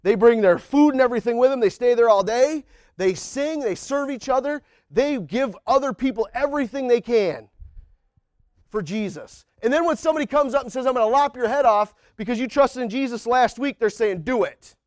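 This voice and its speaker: A man preaching a sermon in church, colloquial and animated, his voice climbing toward near-shouts when he acts out prayers. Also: extremely high pitch, a little fast, no room sound, clean studio sound. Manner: colloquial, says y'all and man. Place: church sanctuary.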